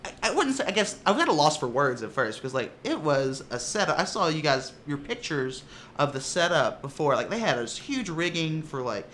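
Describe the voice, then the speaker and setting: A man's voice: a little high, big pitch swings, brisk, fairly bright tone, slight background noise. A man who plays in a tabletop game, talking casually in an interview, restarting and repeating words as he goes. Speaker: tabletop game player and actor.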